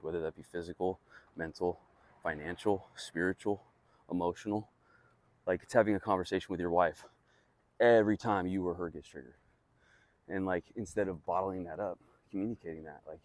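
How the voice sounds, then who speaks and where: A man's voice: sits low, darkish tone. A young man talking bluntly and casually to camera, swearing often and padding his thoughts with fillers as he shares self-help reflections. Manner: blunt, profane, conversational, heavy on fillers. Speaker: vlogger sharing personal growth.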